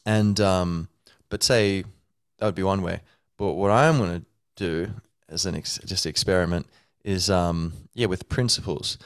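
Low-voiced man rambling casually. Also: unhurried, hardly any pauses, dry recording, clean studio sound. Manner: rambling, thinking aloud, lots of fillers, playful. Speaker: podcast host. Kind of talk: casual solo talk.

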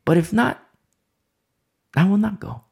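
A man voicing a hesitant male army commander who will only go if a woman goes with him, speaking in halting, bargaining phrases. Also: sits high, expressive, vocal fry, a little mellow, slightly rough, pitched above the performer's own voice, full character voice. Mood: pleading.

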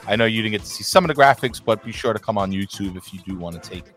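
A man with a somewhat low voice hosts a casual football podcast. He thanks his listeners in a relaxed, friendly way. Faint music sits quietly in the background. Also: very fast. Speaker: podcast host. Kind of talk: casual podcast sign-off chat.

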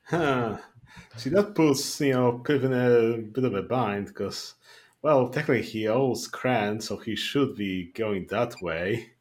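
A man's voice: mid-range voice, slow pace, darkish tone. A man playing a tabletop game, talking casually and hedging with "you know". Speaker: player. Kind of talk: casual tabletop role-play.

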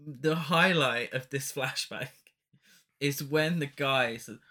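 A man's voice: mid-range voice, takes it slowly, pushed and bright. A man co-hosting a podcast, chatting casually about a film with rambling, jokey asides and frequent laughs. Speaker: podcast co-host. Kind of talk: casual film review chat.

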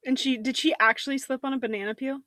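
A woman's voice: high-pitched, fairly even intonation, fast, pushed and bright, no room sound, studio quality. A woman co-hosting a podcast, chatting casually and passing the topic to her co-host.

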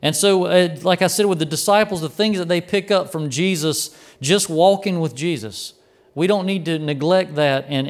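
A middle-aged man, preaching a sermon in a folksy, humorous way through a childhood story. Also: fairly high pitch. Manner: folksy, humorous, lots of restarts and fillers. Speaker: pastor.

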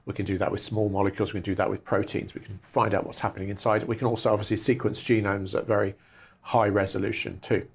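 A middle-aged man leads a research institute and explains its work with keen enthusiasm. His low voice has a gravelly, slightly husky texture. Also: level tone, quick pace. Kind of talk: interview answers.

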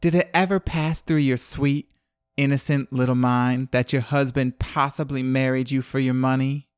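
A man's voice: mid-range voice, steady tone, moderate pace, clean tone, no room sound, clean studio sound, close to an everyday voice. Man imitating a boozy Southern belle, thick drawl, sugary and mean. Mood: catty. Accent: American Southern, imitated. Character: boozy, catty Southern woman sipping champagne.

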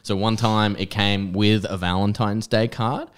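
A man's voice: on the low side, steady tone, unhurried, clear, resonant tone. A young man on a podcast, casually telling a self-mocking childhood story with frequent laughs. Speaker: podcast co-host. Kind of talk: casual chat.

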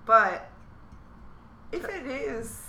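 A woman's voice: high voice, sing-song, drawn-out words, noisy background. A woman co-hosting a podcast in casual chat, talking through ideas and acting out lines in quotes. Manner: chatty, acts out characters' lines in quotes. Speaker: podcast co-host. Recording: echoey room.

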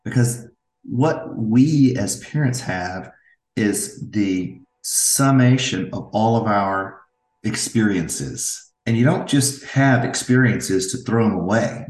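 A man's voice: on the low side, slow pace. A middle-aged man, a father, talking earnestly as a podcast guest and telling stories from family life. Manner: earnest, storytelling, with restarts. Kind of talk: reflective interview talk. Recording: roomy echo.

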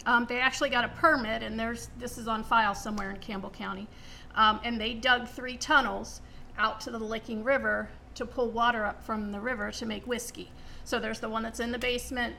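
A woman's voice: fairly high pitch, vocal fry, bright, forceful tone, slight background noise, low-quality recording. A woman researcher explaining local history in a matter-of-fact way, with many ums. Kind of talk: casual explanation.

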